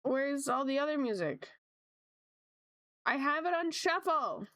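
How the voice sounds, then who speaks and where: A woman art streamer chatting casually with her viewers, upbeat and laughing often, her voice jumping high when excited, with a slight cough from a coming sore throat. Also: a little slow, no echo, clean studio sound. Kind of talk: casual chat with live chat viewers.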